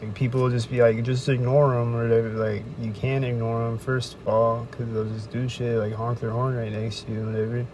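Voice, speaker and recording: A man's voice: mid-range voice, flat delivery, brisk, few pauses, a little mellow, low-quality recording. A man telling a rambling, profane story in a casual podcast monologue, recorded outdoors near traffic. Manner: rambling, profane, quotes others in raised voice. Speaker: podcast host.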